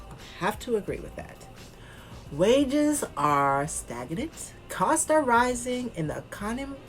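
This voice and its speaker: A woman hosting a casual vlog, reading web text aloud and chatting with asides to viewers in a playful put-on accent. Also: fairly low pitch. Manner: chatty, talks straight to the viewers and to the candidate. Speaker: host.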